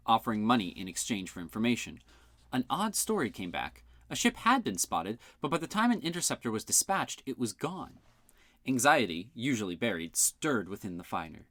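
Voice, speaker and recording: A man reading a fan-made audiobook, narrating expressively and switching into character voices. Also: no room sound. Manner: expressive, voices the characters with shouts and big pitch jumps.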